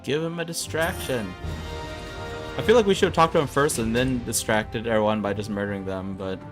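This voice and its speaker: A man's voice: fairly low pitch, fast. Chatty man rambling over game play. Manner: chatty, rambling asides with self-mocking jokes. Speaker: streamer playing an online game. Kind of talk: casual gameplay commentary. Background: game music.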